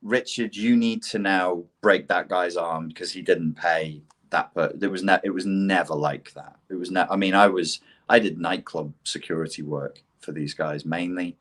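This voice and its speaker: Speaking in a low register at a moderate pace with few pauses, a posh-accented middle-aged Englishman tells blunt, swear-laden stories with lively energy. He is a guest on a podcast, chatting casually.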